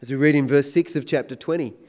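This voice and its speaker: A man preaching a sermon, swinging between loud emphatic declarations and hushed, intense questions. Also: medium pitch, fast talker.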